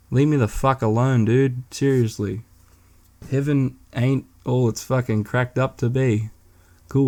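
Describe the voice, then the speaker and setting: A man's voice: medium pitch, a little mellow. Sweary man ranting on a podcast. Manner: irreverent, sweary, mocking rant. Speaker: podcast host. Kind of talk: casual solo podcast monologue.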